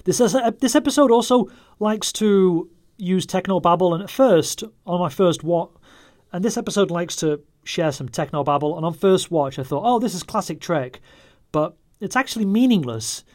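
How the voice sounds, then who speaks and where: A man's voice: high-pitched, expressive, moderate pace, a little mellow. A man giving a casual solo review, rambling and wry, often stopping to correct himself. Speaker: podcast reviewer.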